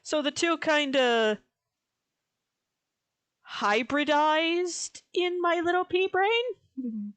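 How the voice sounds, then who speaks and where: A woman's voice: high voice, expressive, extremely slow, pauses often, fairly bright tone. A young American woman chatting casually with a friend, laughing often. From United States. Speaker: streamer co-host. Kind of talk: casual chat.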